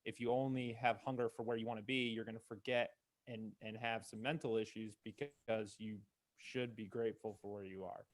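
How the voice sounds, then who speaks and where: A man co-hosting a motivational talk, measured and explanatory. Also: on the low side, fairly even intonation.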